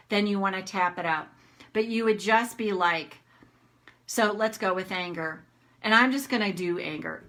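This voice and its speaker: A woman's voice: medium pitch, normal speed, sharp tone. A woman tapping coach giving a frank, conversational, emphatic instructional talk. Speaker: emotional freedom tapping coach.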